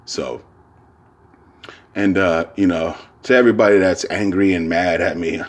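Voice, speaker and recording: A man's voice: sits low, fairly even intonation, slow, long pauses. A man hosting his own podcast, talking in a loose, rambling, profane monologue full of slang, repeating filler phrases and laughing often. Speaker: podcast host. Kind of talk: casual solo podcast monologue.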